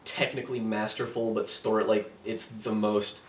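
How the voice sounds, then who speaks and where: A young man co-hosting a casual film review chat, talking in an animated, rambling way full of restarts and fillers. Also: on the low side, normal speed. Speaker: podcast co-host. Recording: roomy, distant mic with faint ambience.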